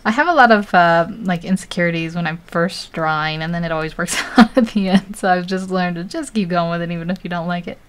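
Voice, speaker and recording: This American woman talks quickly with few pauses in a lowish voice, and the recording carries a little hiss or hum. She's an artist chatting casually as she draws on a livestream, laughing often and teasing herself in a giggly, self-deprecating way.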